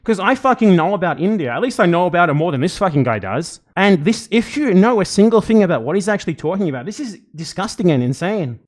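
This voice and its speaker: A man's voice: high-pitched, big pitch swings, quick pace, hardly any pauses. A man streaming live, reacting to a video with angry, exasperated commentary full of swearing.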